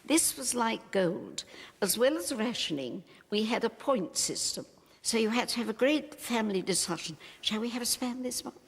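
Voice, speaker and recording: Older woman, brisk and cheerful, reverberant. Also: on the high side, animated, breathy edge. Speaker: cookery broadcaster.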